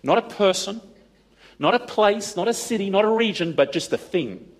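A man telling a story to an audience, acting out the dialogue in an animated way. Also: sits high, normal speed. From Australia. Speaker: speaker addressing an audience. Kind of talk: storytelling talk.

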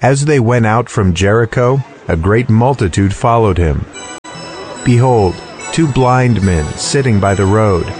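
Steady low-voiced male narrator. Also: a little slow. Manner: steady, clear, formal. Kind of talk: scripted scripture narration. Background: music underneath.

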